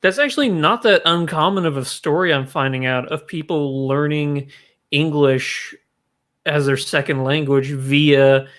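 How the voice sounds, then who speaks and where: Co-host guy, bit high voice, rambly and curious. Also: a little slow, fairly bright tone. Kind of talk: casual chat.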